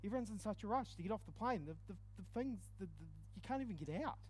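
A man delivers a lively storytelling sermon. His voice sits high for a man. He booms one moment and goes quiet the next. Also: quick pace, husky. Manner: animated, swings from loud exclaims to hushed asides. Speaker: preacher.

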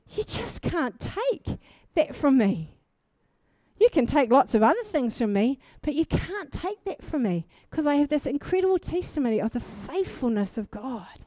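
A young woman preaching in church, her voice sitting a little high and swinging widely in pitch as she tells her testimony. She moves from storytelling into fervent calls to her listeners, and the recording is dry and close. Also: moderate pace, no room sound. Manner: animated storytelling testimony, rising to fervent exhortation. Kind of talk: sermon.

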